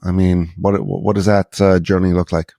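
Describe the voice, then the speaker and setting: Male host, very low voice, relaxed chat, dry close mic. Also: normal speed, gravelly, no echo. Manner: relaxed and agreeable, building on the guest's points. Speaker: podcast host. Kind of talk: conversational interview.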